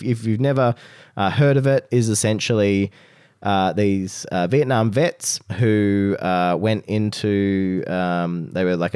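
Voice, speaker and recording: A man in his thirties hosts a relaxed podcast chat in a lowish voice. He rambles, circling back with fillers as he goes. The sound is close and dry. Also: clear, resonant tone, no room sound. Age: 30s. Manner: rambling, many fillers and restarts. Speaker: podcast host.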